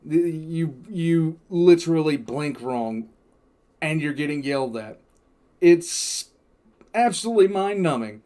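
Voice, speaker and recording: A man's voice: on the high side, lively intonation, unhurried, mellow. A man hosting a reaction video, talking casually to camera with lots of ums and self-deprecating asides.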